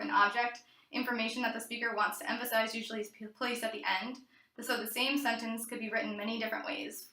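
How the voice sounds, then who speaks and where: A woman's voice: on the high side, bright, forceful tone, reverberant, poor audio. A woman giving a read-aloud class presentation, reading from notes with occasional fillers and restarts. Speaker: student presenter.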